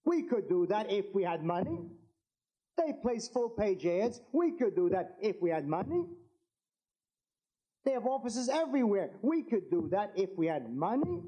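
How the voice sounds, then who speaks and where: Male rabbi addressing a rally crowd, high and very lively pitch, fervent, hammers home repeated lines. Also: moderate pace, dull audio. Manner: fervent, repetitive, builds to emphatic declarations. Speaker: rabbi and political speaker. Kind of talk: impassioned political speech to an audience.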